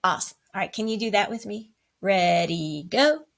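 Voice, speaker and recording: A woman's voice: medium pitch, expressive, moderate pace, creaky, background noise. A woman teaching a music lesson to children, upbeat and encouraging as she counts rhythms aloud.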